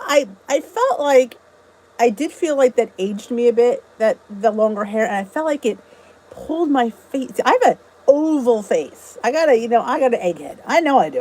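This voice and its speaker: A middle-aged American woman with a US accent hosts a casual YouTube livestream from indoors at home, chatty and bubbly as she greets viewers and reads their comments. Her voice is fairly high and a little mellow, captured roughly by a phone or camera on a stand.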